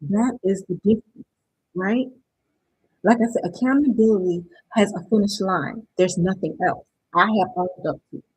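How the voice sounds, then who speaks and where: This workshop host talks at normal speed in a medium-pitched, slightly rough voice, and the audio quality is poor. Leading a motivational session over live stream, she keeps things conversational and repeatedly asks her chat "right?" to confirm they're with her.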